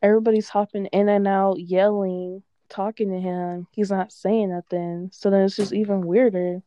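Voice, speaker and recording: A woman in a casual chat, telling an animated, profane story and quoting what others said. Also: mid-range voice, normal speed, dry recording, lo-fi sound.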